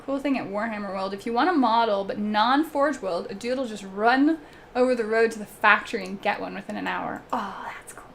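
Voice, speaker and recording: A young woman hosting a casual live stream, chatting with viewers while she paints, laughing often and breaking into animated asides. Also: medium pitch, fairly quick, creaky, a little hiss or hum. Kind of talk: casual chat while reading viewer comments.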